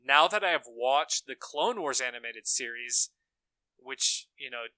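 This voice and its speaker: Sharp-voiced opinionated male podcast host. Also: medium pitch, animated, a little slow, dry recording, low-quality recording. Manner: emphatic, opinionated. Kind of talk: casual film discussion.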